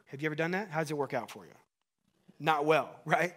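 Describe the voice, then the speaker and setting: Pastor guy in his 30s preaching, earnest and chatty, voice a bit on the high side. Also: fast, fairly bright tone. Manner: earnest, conversational preaching with asides and questions to the congregation. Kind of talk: sermon.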